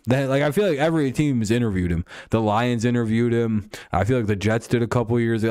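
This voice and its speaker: A man's voice: mid-range voice, fast talker, hardly any pauses, darkish tone, dry recording, studio quality. A man hosting a casual stream, rambling and joking crudely about sports. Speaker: streamer host.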